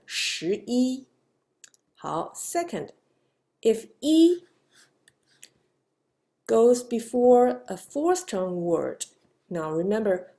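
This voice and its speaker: A woman's voice: fairly low pitch, creaky, a little mellow. A woman teaching a grammar lesson patiently, with many fillers and repeated example phrases. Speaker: Chinese language teacher. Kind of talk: slow grammar lesson lecture.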